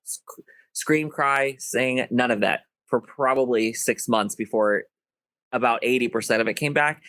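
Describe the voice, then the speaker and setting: A man with a nasal voice and a Southern US twang, talking candidly and quickly with an effeminate lilt as a podcast co-host. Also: medium pitch, fairly bright tone, no echo. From US, Ohio and Florida. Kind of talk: casual chat.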